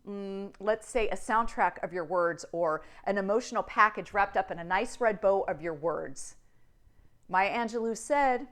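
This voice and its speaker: A middle-aged woman, a media coach, giving a coaching talk on presentations and trying out different tones as she goes. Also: fairly high pitch. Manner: expressive, demonstrates tones by switching delivery.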